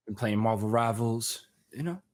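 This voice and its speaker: Laid-back low-voiced male co-host. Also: moderate pace. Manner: relaxed, laid-back slang. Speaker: podcast co-host. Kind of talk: casual chat.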